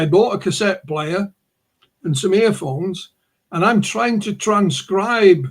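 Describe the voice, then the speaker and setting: A man's voice: high voice, husky. A man from the north of England with a northern English accent, an author answering interview questions in an anecdotal way. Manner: anecdotal, with repeated "you know" and restarts.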